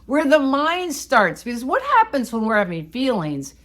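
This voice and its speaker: A woman co-hosting a podcast, telling a story in a casual, animated, self-mocking way. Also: high voice, normal speed. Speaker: podcast co-host.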